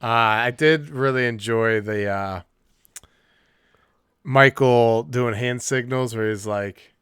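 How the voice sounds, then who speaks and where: A man co-hosting a casual podcast, chatting lively and acting out scenes in quoted voices. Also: mid-range voice, takes it slowly, smooth, no echo, clean studio sound. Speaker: podcast co-host. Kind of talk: casual chat.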